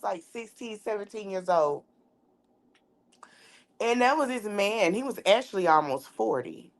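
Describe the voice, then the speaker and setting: A woman hosts a casual podcast. Her delivery is candid and outspoken. She acts out each side of a conversation as she tells a story. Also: medium pitch. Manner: outspoken, animated storyteller acting out dialogue. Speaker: podcast host.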